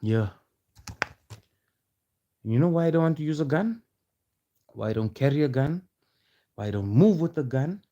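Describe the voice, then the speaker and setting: A man speaks in a confrontational vlog rant, his voice warm and dark. He presses his listeners with one challenging rhetorical question after another. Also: on the high side, lively intonation, moderate pace, long pauses, lo-fi sound. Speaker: vlogger.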